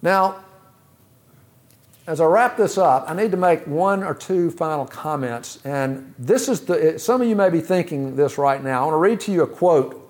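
Preacher, male, fairly high-pitched voice, measured delivery with rhetorical questions. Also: expressive, a little mellow. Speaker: pastor. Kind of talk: sermon.

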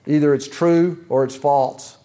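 Preacher, male, fairly high-pitched voice, measured delivery with rhetorical questions. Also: fairly even intonation, warm tone. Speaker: pastor. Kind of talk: sermon.

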